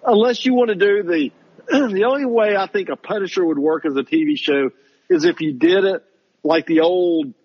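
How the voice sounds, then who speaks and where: A man co-hosting a podcast, ranting in casual chat about a show he disliked and mocking it in a high voice. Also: moderate pace, muffled recording. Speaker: podcast co-host reviewing shows.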